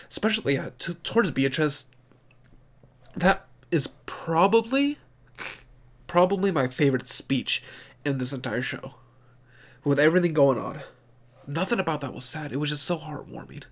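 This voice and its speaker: A man with a somewhat high-pitched voice talks through his reaction as an anime reviewer. He is candid and excitable, swears freely, restarts his sentences, and sounds openly moved. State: emotionally moved. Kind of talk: casual reaction commentary.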